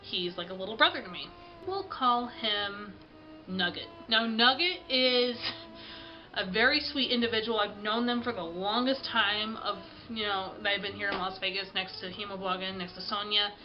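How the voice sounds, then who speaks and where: A woman's voice: mid-range voice, normal speed, dull audio, soft background music. A woman vlogger telling a story in a rambling, chatty way, sounding sniffly and tired. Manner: rambling, chatty, with many fillers. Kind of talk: casual storytelling vlog.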